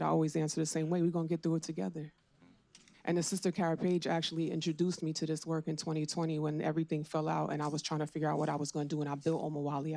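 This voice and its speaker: A woman's voice: low-pitched, vocal fry, warm tone, no room sound. A woman speaking on a conference panel, earnest and conversational with informal phrasing.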